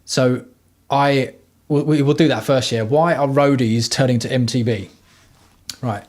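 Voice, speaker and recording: Man, livestream host, foul-mouthed, rambling, chatting from home, average pitch. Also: fairly even intonation, a little slow, darkish tone. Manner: profane, blunt, rambling. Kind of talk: casual rambling livestream chat.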